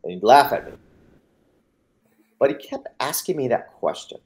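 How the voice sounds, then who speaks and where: His voice is medium-pitched and sing-song, at a normal pace. An American man who works as a mindset coach, he shares his personal story as an interview guest, earnest and emphatic, acting out dialogue and repeating words when starting.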